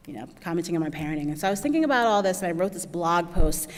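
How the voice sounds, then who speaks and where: A woman's voice: lowish voice, lively intonation, quick pace, a bit bright, big-room sound. A woman giving a keynote talk, telling personal stories in a chatty way, laughing often and acting out what other people said. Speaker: keynote speaker. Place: large lecture hall.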